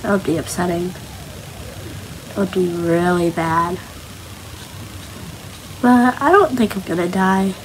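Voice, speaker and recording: A woman's voice: lowish voice, slow pace, long pauses, a little hiss or hum, poor audio. A young woman talking to herself nervously while playing Minecraft, chatty and easily scared. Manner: nervous, chatty self-talk. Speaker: gaming channel host. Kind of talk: casual Minecraft gameplay commentary.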